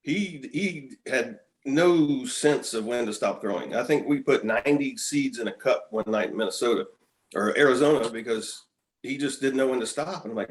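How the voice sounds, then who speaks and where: A man in his fifties, a podcast guest, telling animated stories in casual chat, often chuckling and repeating words. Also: medium pitch, moderate pace, low-quality recording. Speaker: podcast guest, former pitcher. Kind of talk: casual storytelling.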